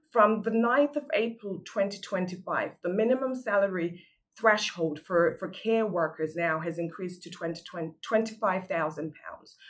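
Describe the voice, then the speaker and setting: A woman who works as an immigration law specialist, giving an earnest webinar presentation and often repeating words as she searches for the next one. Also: on the low side. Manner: earnest, repeats words while finding them.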